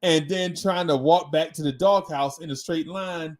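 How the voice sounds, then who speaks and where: A man with a high voice tells a story on a casual talk show. He is animated, laughs often and stumbles over repeated words as he goes. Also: normal speed. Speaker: co-host.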